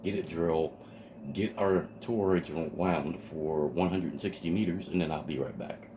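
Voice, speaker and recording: A man's voice: low-pitched, normal speed. A man eagerly talking through the assembly of a radio kit at his workbench, explaining each step as he goes. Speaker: amateur radio hobbyist building a kit. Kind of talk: hands-on kit assembly walkthrough. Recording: noisy home video recording.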